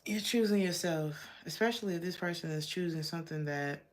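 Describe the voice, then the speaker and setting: A tarot reader from Georgia, USA, gives a casual reading, chatty and blunt and laughing often. Her voice is on the low side and brisk, with heavy background noise.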